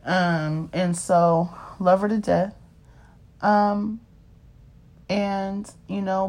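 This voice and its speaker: Her voice is low and darkish. A woman in her 30s, she recounts her life in a relaxed, rambling way, repeatedly asking "you know what I mean?"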